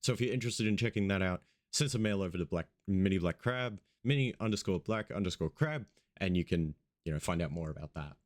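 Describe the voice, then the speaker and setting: Sleepy, casual radio host. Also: male voice, low voice. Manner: loose, rambling, swears casually. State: just woke up, yawning. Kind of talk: casual radio show chat.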